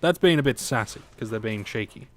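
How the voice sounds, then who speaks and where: A man's voice: mid-range voice, expressive, a little fast, a bit bright. A young Australian man chatting casually and jokingly with his viewers while streaming a game, rambling from one thought to the next. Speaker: live streamer.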